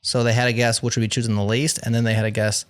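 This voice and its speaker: A man's voice: medium pitch, flat delivery, rapid-fire, clean tone. A man hosting a podcast game show, reading out survey results in a playful, wry way.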